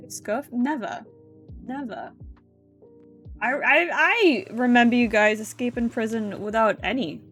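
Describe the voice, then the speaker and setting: A woman's voice: on the high side, moderate pace, few pauses, fairly bright tone, faint music behind. A woman streamer chatting casually and playfully teasing her chat during a live stream. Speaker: VTuber streamer.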